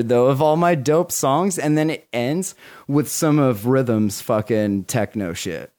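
A man in his forties co-hosting a podcast, chatting casually, excited and swearing a lot. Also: mid-range voice, slow pace. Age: 40s. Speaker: podcast co-host.

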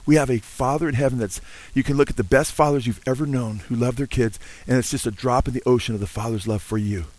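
An older man preaching with earnest feeling and frequent amens. He now and then breaks into hymn lines. His voice sits in a middle pitch, and the recording is dry. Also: fairly even intonation, fast, darkish tone, no room sound, rough recording. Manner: sings hymn lines between teaching. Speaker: pastor. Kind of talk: sermon.

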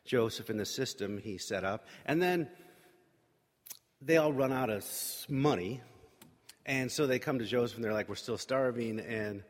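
A man's voice: mid-range voice, moderate pace. Guy casually telling a bible story, lots of ums, mid voice, long echo like a big hall. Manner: loose retelling with lots of fillers and acted-out quotes. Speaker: Bible teacher. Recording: long reverb from a large room.

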